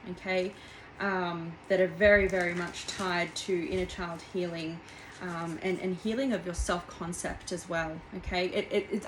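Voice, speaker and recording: A woman's voice: on the low side, slight background noise, rough recording. Rambling young woman doing a tarot reading. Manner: rambling and heartfelt, with frequent fillers and restarts. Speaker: tarot reader. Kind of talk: casual tarot reading monologue.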